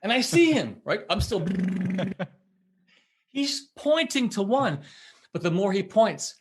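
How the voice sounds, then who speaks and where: Animated storytelling man. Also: high-pitched, takes it slowly, slight background noise. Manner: acts out quoted voices, laughs while telling. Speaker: podcast guest, musician.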